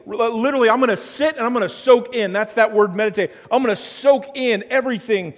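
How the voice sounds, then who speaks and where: A man's voice: very high-pitched, fast, hardly any pauses. A man preaching a sermon as pastor, earnest, with a repetitive preaching cadence. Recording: long hall reverb.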